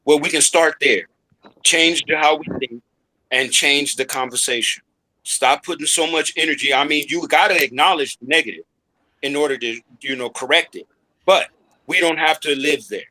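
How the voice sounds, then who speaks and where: A man co-hosting a live talk stream, talking in a reflective way and giving advice through measured sayings. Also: fairly high pitch, bright, forceful tone, rough recording. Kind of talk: casual chat.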